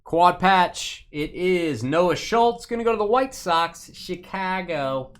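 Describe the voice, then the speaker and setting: A male break host with a lively, bouncing voice that rises and falls as he calls out cards. He jokes and teases viewers by name in a casual, chatty way. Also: high voice, slow, slight background noise. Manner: joking, teasing viewers by name. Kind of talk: live sports card break commentary.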